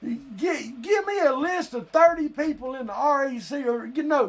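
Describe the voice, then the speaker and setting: A man from Florida, hosting a live stream and delivering a heated, blunt, profane political rant that sometimes breaks into shouting. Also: very high-pitched, normal speed, creaky, hardly any pauses. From Lee County, Florida.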